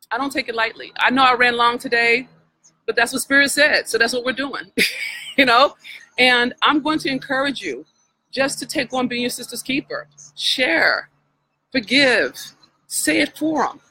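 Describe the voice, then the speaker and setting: Speaking directly to her live-stream audience, this woman coach gives an emotional healing message in a preacher's style, focused on spiritual wealth. She sounds fairly high-pitched, bright, husky and forceful, though the audio quality is poor.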